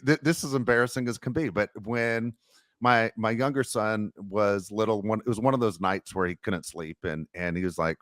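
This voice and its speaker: A man's voice: mid-range voice, fairly bright tone, no echo, clean studio sound. A middle-aged man hosting a podcast, telling self-deprecating stories with many restarts. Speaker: podcast host. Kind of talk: casual podcast chat.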